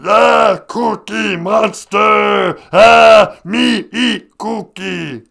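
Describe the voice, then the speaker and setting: A co-host on a comedy live stream doing a puppet monster impression, a gravelly, growling male creature who shouts slow, drawn-out grunts about cookies. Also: medium pitch, full character voice. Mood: ravenous.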